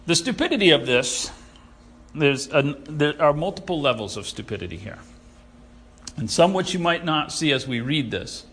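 A man preaching a sermon, animated and sarcastic, who acts out the people he quotes. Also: a little high, normal speed. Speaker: pastor.

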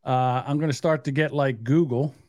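A man's voice: medium pitch, fairly even intonation, moderate pace, darkish tone, no echo. A man co-hosting a casual podcast who rambles and banters with many fillers. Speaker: podcast co-host.

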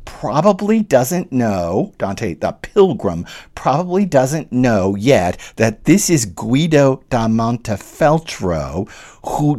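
A man giving an animated lecture that walks through a poem line by line and tells the history behind it. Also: medium pitch. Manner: lively, animated storytelling with rising emphasis. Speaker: literature lecturer.

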